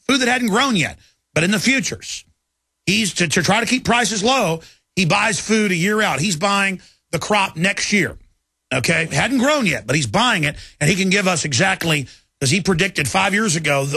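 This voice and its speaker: A man's voice: high voice, bright, forceful tone, breathy edge, no echo. A man hosting a talk radio show, ranting emphatically and repeating himself for force.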